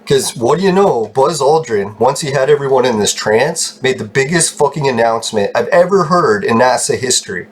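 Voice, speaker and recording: A man telling a long rambling story in a casual vlog, swearing freely, getting excited and laughing often. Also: medium pitch, moderate pace, hardly any pauses, a little hiss or hum. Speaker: channel host telling a story.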